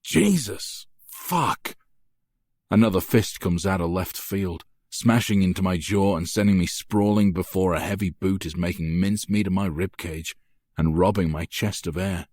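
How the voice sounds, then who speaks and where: A man's voice: sits low, steady tone, normal speed, a little mellow, no echo. A man narrating a gritty first-person crime novel in an intense, dramatic manner, close on the mic. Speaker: audiobook narrator.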